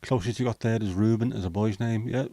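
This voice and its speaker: Middle-aged man, casual livestream chat, blunt and sweary, deep-ish voice. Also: brisk, dark tone, no echo. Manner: chatty, blunt, swears freely. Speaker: livestream host. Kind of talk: casual chat reading out viewer comments.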